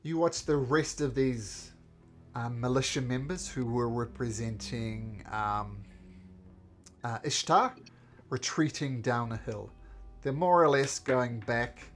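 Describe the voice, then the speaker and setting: A man's voice: mid-range voice, slow, fairly bright tone, soft background music. A man narrating casually as game master of a tabletop game, with plenty of hesitations.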